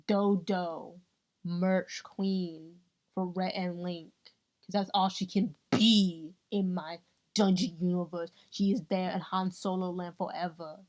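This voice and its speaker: A woman's voice: on the low side, fairly even intonation, slow pace, darkish tone. A young woman vlogging, telling a rambling story casually, often losing her thread. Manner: rambling, giggly, self-interrupting. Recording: dull lo-fi sound.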